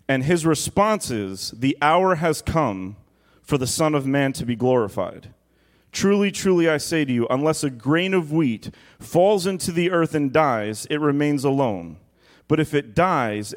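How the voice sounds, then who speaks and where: A man preaching a sermon, reading scripture aloud and then explaining it in a conversational way. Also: mid-range voice. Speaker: pastor.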